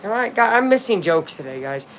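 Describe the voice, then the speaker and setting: A young man giving casual play-by-play as he watches a baseball game live, rambling between pitches and bursting into shouts at big hits. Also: sing-song, brisk, a little hiss or hum. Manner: chatty, rambling, erupts into shouts at big plays.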